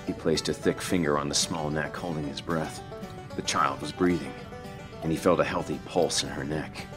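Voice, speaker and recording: A deep-voiced man narrating a horror story in a measured, even way. Faint music plays underneath, and his low voice carries the scripted tale steadily. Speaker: podcast narrator.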